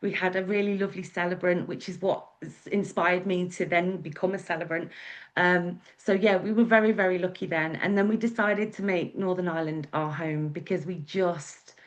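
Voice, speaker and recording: A woman's voice: on the low side, fairly even intonation, moderate pace. A woman with an English accent, telling her life story as a guest speaker in a chatty, meandering way with many fillers. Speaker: guest speaker, wedding celebrant. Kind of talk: casual storytelling talk.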